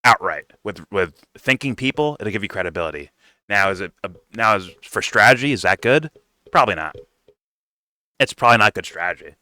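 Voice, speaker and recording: A man's voice: fairly low pitch, lively intonation, brisk, sharp tone, no room sound, clean studio sound. A man doing casual reaction commentary, blunt and profane, rambling and restarting his sentences. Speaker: reaction streamer.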